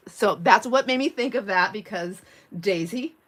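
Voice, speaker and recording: A woman's voice: medium pitch, normal speed, fairly bright tone. A middle-aged woman hosting a craft livestream who tells stories in a casual, chatty way, laughs often and acts out the quotes. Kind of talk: casual chat while crafting.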